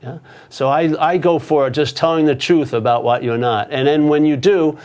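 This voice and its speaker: A man with a somewhat high voice, a spiritual teacher, tells a story at a moderate pace in conversation. He's casual and animated, frequently checking in with "yeah?".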